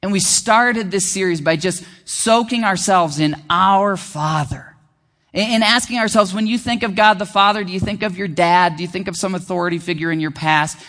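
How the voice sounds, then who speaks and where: A male pastor delivers an earnest, conversational sermon in a fairly high voice, stumbling over restarts and slowing down to stress the key lines. His voice rings out with a long reverb, like a large church hall. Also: fairly even intonation, sharp tone. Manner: slows down for key phrases.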